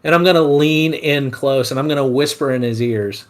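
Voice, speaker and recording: A man's voice: mid-range voice, moderate pace. A man playing a tabletop game, describing his character's actions unhurriedly. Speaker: player.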